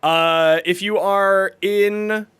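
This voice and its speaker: A man's voice: high voice, steady tone, very slow, fairly bright tone, clean tone. A man hosting a casual game livestream, greeting viewers by name and joking as he plays. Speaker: livestream gamer.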